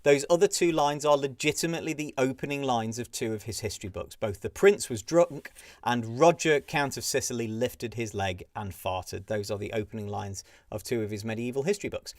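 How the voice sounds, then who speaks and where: Brief: male quiz host, casual and chatty, mid pitch, dry close recording. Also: brisk, dry recording. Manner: chatty, giggles at pictures, frequent fillers. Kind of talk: casual live-stream quiz answer run-through.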